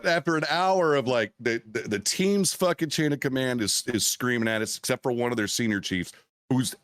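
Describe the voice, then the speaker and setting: A man's voice: mid-range voice, fairly bright tone, no room sound, clean studio sound. A veteran man on a podcast telling a profane, rambling war story with frequent restarts and swearing. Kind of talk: casual storytelling chat.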